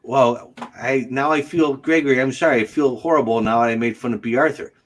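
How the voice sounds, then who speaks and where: A man's voice: medium pitch, a little fast. A man hosting a casual livestream chat, joking and chatty and laughing often. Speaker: host.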